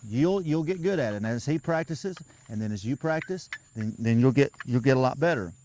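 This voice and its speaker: A man's voice: mid-range voice, animated, brisk, very noisy. A man giving a patient, folksy hands-on lesson outdoors, often repeating himself as he coaches a beginner. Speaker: turkey calling instructor.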